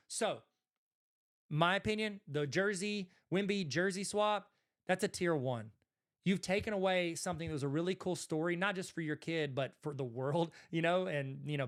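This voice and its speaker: Southern male host, slightly high pitch, casual and rambling. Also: fairly bright tone. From Arkansas, USA. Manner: conversational, rambling, self-correcting asides. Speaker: host, card collector. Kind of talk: casual talking-head commentary.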